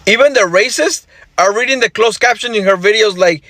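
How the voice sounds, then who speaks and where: A man with a Spanish-speaking accent, full of sarcastic mock praise in a social media clip. His voice is high and bright, recorded dry and close. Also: brisk, dry recording. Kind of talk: satirical social media commentary.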